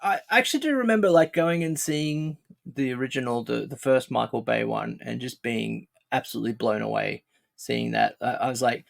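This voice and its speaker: A man's voice: mid-range voice, fairly quick, creaky. A man hosting a podcast, asking his guest questions in a friendly, rambling way with many restarts. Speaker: podcast host. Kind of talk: casual podcast interview.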